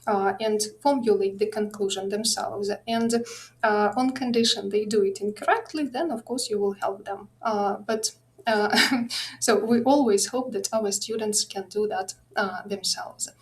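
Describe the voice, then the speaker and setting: A woman's voice: mid-range voice, measured pace. A middle-aged woman with a Ukrainian accent, presenting an online teaching webinar in a hesitant way, full of fillers and restarts.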